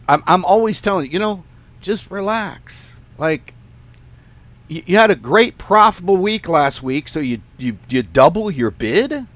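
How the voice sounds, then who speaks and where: Blunt, lively male trading host. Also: no room sound. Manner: blunt, exasperated, swears freely; lively, swings pitch and volume. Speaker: forex trading channel host. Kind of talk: casual market commentary to viewers.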